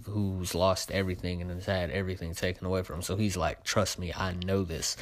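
Fields: Sex: man. Pitch: low. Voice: dry, close. Style: rambling review. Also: no room sound. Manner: rambling, filler-heavy, heated complaining. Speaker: show host reviewing trailers. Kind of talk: casual spoken review.

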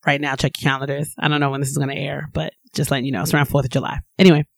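A woman co-hosting a podcast, telling a story with animated delivery, laughing and acting out quotes. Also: deep voice, rapid-fire, gravelly, no room sound. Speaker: podcast co-host. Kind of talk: casual storytelling chat.

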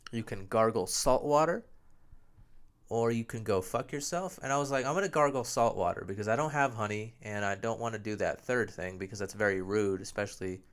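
A man's voice: on the low side, a little fast. A young man hosting a solo podcast while sick, with a nasal, phlegmy voice and a sore throat, rambling loosely and mocking himself, with plenty of swearing. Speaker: podcast host.

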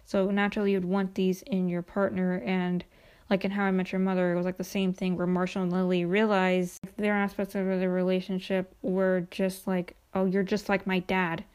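A woman's voice: on the low side, flat delivery, moderate pace, darkish tone, clear, resonant tone. A young woman casually recapping a TV episode, chatty and gushing, with lots of "like" fillers. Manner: chatty, gushing, heavy use of "like". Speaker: show recapper.

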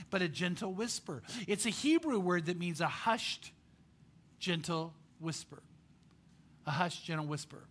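Pastor, male, high bright voice, animated chatty sermon delivery. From Southern California. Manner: animated, chatty, asks the congregation questions.

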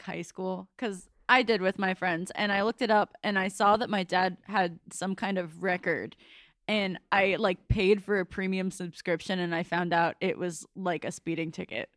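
A woman's voice: mid-range voice, fairly even intonation, moderate pace, no room sound, clean studio sound. A woman, a guest on a podcast, chatting casually and drifting into a rambling side story. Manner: rambling, goes off on tangents. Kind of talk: casual chat.

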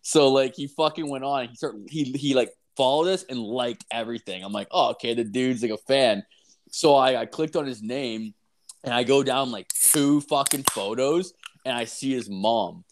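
A young man, rambling and profane, telling an animated anecdote in casual chat with filler words everywhere. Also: mid-range voice, normal speed. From Canada. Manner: animated, acts out voices in anecdotes.

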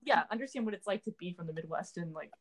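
A woman's voice: on the low side, lively intonation, fast talker. Rambling young woman, "like" every few words. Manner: rambling, filler-heavy, says "like" constantly. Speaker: podcast co-host. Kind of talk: casual chat.

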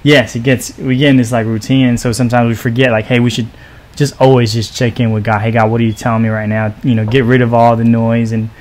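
Man, podcast co-host, reflective, rambling, mid pitch. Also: flat delivery, quick pace, darkish tone. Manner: rambling, many fillers, reflective. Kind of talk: casual faith podcast chat.

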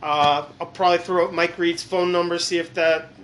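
A man co-hosting a casual comedy podcast, quick with absurd jokes. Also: fairly high pitch, level tone, fairly bright tone. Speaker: podcast co-host.

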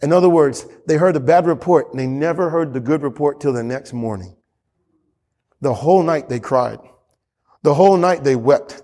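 High-voiced impassioned preaching man. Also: normal speed, dark tone, big-room sound. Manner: impassioned, repeats phrases for emphasis. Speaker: pastor. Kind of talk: sermon.

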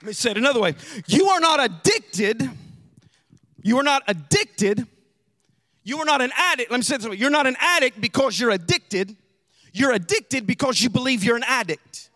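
A man preaching a sermon as pastor, dropping to quiet asides and rising to shouted, sung emphasis. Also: very high-pitched, big pitch swings, moderate pace, pauses often.

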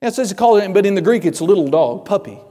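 A man preaching a sermon with fervor, building to shouts and acting out voices of Bible figures. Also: high voice, lively intonation, very fast, long reverb tail.

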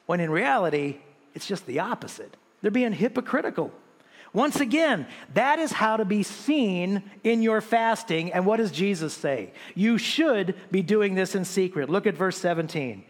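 A man preaching a sermon as pastor, animated, with many restarts and rhetorical questions to the congregation. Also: high voice, normal speed, big-room sound.

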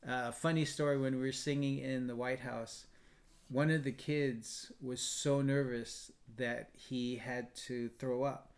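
A man's voice: medium pitch, measured pace. A man, a choir founder, telling a story in a casual podcast interview and bringing the people he quotes to life. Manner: animated storyteller, quotes others in lively voices.

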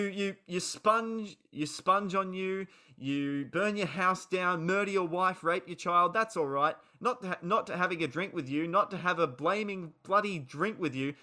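A man putting on a furious outback man who is ranting at drinkers, loud and indignant. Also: high voice, normal speed, hardly any pauses, pitched above the performer's own voice.

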